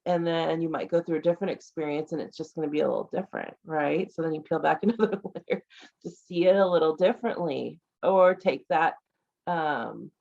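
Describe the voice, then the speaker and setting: Low gravelly woman host, lo-fi audio. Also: brisk, a little mellow. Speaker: podcast host. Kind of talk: conversational podcast interview.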